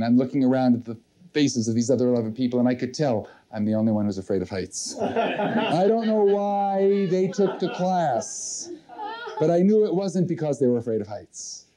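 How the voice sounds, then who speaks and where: A man gives a motivational seminar talk to a live audience, telling his story earnestly and often turning to address the listeners. His voice is deep, dark and mellow. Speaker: seminar leader.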